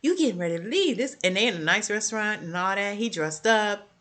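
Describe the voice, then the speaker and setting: An animated young adult woman recaps TV episodes in a casual vlog, speaking straight to her viewers. Her voice is bright and forceful, and her pitch leaps up whenever she reacts. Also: a little fast. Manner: jumps high in pitch when reacting. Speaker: TV show reviewer.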